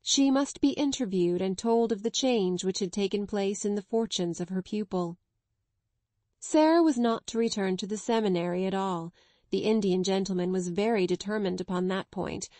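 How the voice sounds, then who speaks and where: A woman's voice: mid-range voice, no room sound. Woman narrating a classic children's novel. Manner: measured, expressive storytelling. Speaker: audiobook narrator. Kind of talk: scripted narration.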